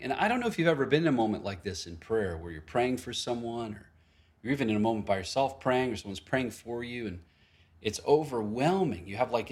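Male pastor, conversational sermon, lively pitch, mid-range voice, chatty asides. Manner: conversational storytelling with frequent asides and restarts.

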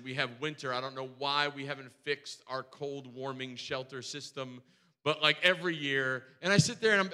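A man preaching a sermon, telling a lively personal story with asides and restarts before moving into a Bible reading. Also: on the high side. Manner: animated storytelling, restarts and asides, acts out quotes. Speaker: pastor and homeless outreach worker.

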